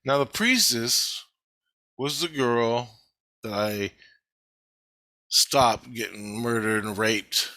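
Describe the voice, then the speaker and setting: A man's voice: mid-range voice, slow pace, long pauses, sharp tone, dry recording. A man telling a rambling spiritual story to camera, swearing heavily and agitated. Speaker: vlogger. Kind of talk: rambling monologue.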